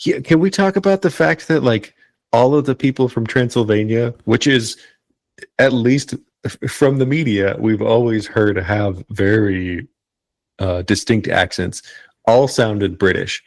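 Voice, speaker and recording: A man co-hosting a casual movie review podcast, relaxed and easygoing. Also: lowish voice, measured pace, dry recording. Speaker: podcast co-host.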